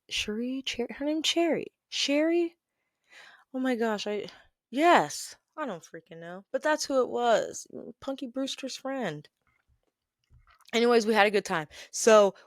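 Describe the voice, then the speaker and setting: Animated woman ranting through a work story. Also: a little high, measured pace, no room sound, clean studio sound. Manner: animated, exasperated storytelling with laughter. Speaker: podcast host. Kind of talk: storytelling rant.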